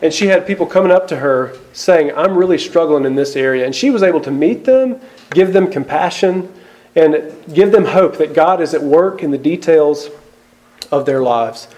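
A man's voice: on the high side, lively intonation, moderate pace, a little mellow. Earnest man preaching a sermon. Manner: earnest, questioning, rising to emphatic exclamations. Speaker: pastor.

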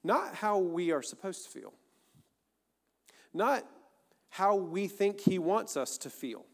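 A married adult pastor preaches a sermon in a large hall with long reverb, his high voice slow and lively in intonation. He's earnest and conversational, speaking straight to his listeners.

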